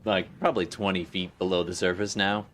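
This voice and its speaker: A man's voice: deep voice, fairly quick, a little hiss or hum. A man running a tabletop game as game master, describing the action animatedly. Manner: animated, vivid scene-setting with frequent laughter.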